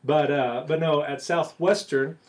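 A man's voice: fairly high pitch, fairly even intonation, measured pace. A man co-hosting a church podcast, teasing his partner and rambling with plenty of fillers. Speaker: podcast co-host and church replanting author. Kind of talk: casual podcast chat.

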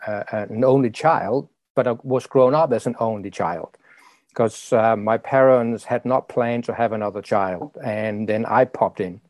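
A man from Europe, a life coach, talks as a podcast guest. He speaks in a halting way and often repeats words, and he is recorded dry and close to the mic. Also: mid-range voice, a little mellow, no echo. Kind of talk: casual interview chat.

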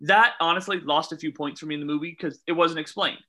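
Male podcast co-host, bright and animated, casual film chat. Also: fairly high pitch, quick pace. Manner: animated, incredulous questioning. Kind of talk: casual movie review chat.

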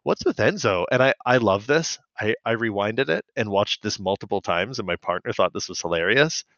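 A man's voice: fairly low pitch, a little fast, fairly bright tone, no room sound. A man hosting a casual podcast recap of a cartoon, rambling and often laughing. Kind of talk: casual chat. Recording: dull lo-fi.

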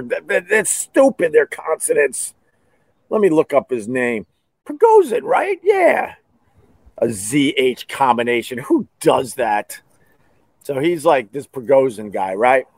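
A man's voice: mid-range voice, a little mellow, no echo. A man from the United States hosting a podcast, talking casually in a rambling, sarcastic, wisecracking way. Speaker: podcast host. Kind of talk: casual chat.

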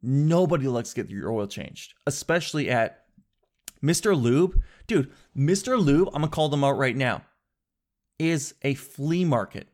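A man telling a comic story in a casual vlog. He talks in an animated, slangy way, says "dude" a lot, and jumps up in pitch for emphasis. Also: unhurried. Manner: animated, exaggerated, swings to high emphasis.

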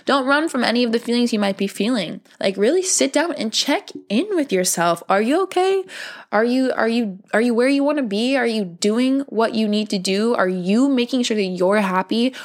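A young adult woman hosting a podcast, talking in a gentle, earnest, casual way, full of "like" and calling her listeners "baby". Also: medium pitch, moderate pace, few pauses. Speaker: podcast host. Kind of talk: casual heartfelt monologue.

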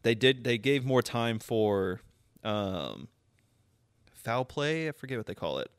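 A young man chatting casually as a podcast co-host, his voice set at an ordinary middle pitch. He swears freely, laughs a lot and climbs into disbelieving rants. The sound is dry and close, with no room around it. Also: animated, slow, smooth, no room sound. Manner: laughs often, swears, rises to incredulous outbursts. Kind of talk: casual sports chat.

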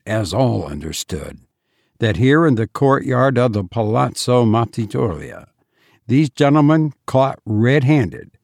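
Slow, gravelly male audiobook narrator. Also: medium pitch, a little mellow, no room sound, studio quality. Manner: measured, dramatic reading. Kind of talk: scripted narration.

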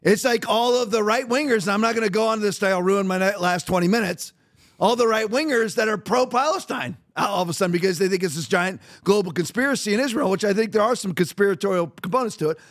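A man's voice: sits high, quick pace, fairly bright tone. A man hosting a podcast, delivering heated, sarcastic political commentary and hammering the same points over and over. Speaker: podcast host.

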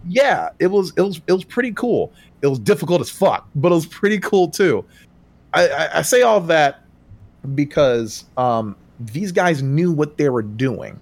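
A man co-hosting a podcast, talking about video games in a casual, animated way, laughing often and breaking into loud outbursts when he quotes himself. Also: a little high, moderate pace, no room sound. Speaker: podcast co-host. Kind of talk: casual game talk.

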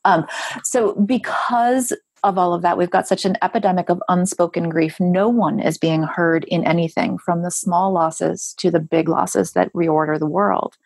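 A woman guest on a podcast interview, speaking earnestly and emphatically about compassion, with rhetorical questions and playful jumps into a higher voice for asides. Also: steady tone, moderate pace, gravelly, darkish tone, slightly rough, dry recording. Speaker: grief writer and guest.

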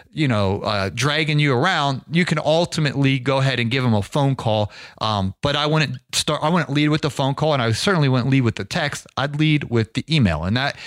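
A middle-aged man talks straight to his listeners as a podcast host and business coach, energetic and folksy. He often repeats words as he restarts a thought. His voice sits at an ordinary pitch in a dry, dead-sounding space. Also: no room sound. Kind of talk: casual podcast monologue.

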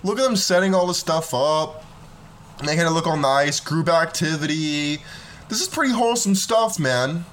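A man's voice: on the high side, lively intonation, moderate pace, a bit bright, slight background noise. A young man hosting a reaction video, talking in a laid-back, slangy, joking way. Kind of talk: casual commentary.

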